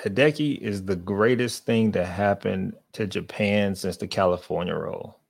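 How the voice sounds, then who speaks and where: A man's voice: fairly low pitch, moderate pace, gravelly. A man co-hosting a podcast, laid-back and slangy in casual banter. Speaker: podcast co-host. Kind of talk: casual chat.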